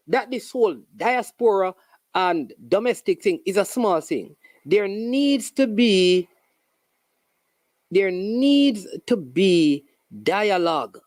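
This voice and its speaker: A host with a Jamaican accent giving an animated, sarcastic casual commentary monologue with local phrases. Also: mid-range voice, dry recording.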